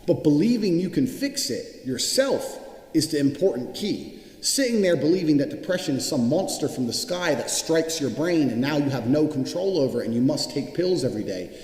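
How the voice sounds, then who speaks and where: A man's voice: fairly high pitch, animated, normal speed, a little mellow. A man giving a blunt, profane and emphatic motivational monologue. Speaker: motivational speaker. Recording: echoey with long hall reverb.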